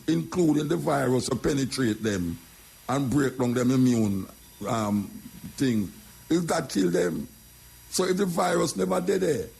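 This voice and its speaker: A man's voice: on the high side, gravelly, a little mellow, husky. An older Jamaican man talking in a casual monologue, repeating phrases as he tells his story in patois. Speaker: radio talk host.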